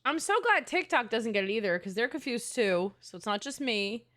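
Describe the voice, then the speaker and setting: A young woman live streaming a video game, excitable, laughing often and pleading with her chat. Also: on the high side, normal speed.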